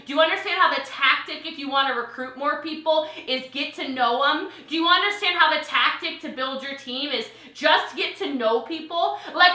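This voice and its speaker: A woman from Maryland, a network marketing coach, talking to her team on a livestream in an excitable, gushing way. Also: high-pitched, echoey room. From Maryland, USA. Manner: excitable and gushing, with big swings in loudness. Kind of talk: live-streamed team training. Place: home in Texas.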